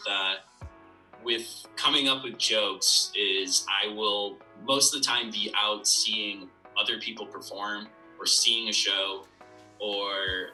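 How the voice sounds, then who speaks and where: A comedian speaks casually in an interview, rambling and reflective as he thinks out loud. His voice is very bright and a little low. He sits back from the mic, and faint music plays underneath. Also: recorded from a distance, low-quality recording. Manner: rambling and reflective, many fillers.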